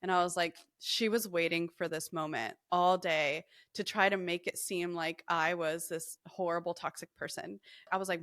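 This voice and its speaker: Blunt, animated young woman telling a story. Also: fairly low pitch, moderate pace, few pauses, no echo, clean studio sound. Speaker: podcast co-host. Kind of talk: casual storytelling chat.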